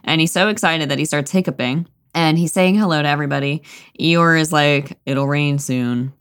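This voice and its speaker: Low-voiced woman telling stories with laughter. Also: a little fast, smooth. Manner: animated storyteller, laughs often, acts out quotes. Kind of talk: casual chat and storybook retelling.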